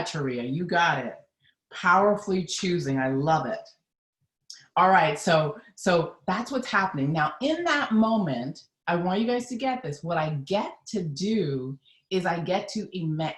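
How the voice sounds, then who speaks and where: A woman's voice: sits low, echoey room. A woman coaching viewers on a live stream, speaking earnestly and emphatically and addressing them directly. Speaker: mindset coach.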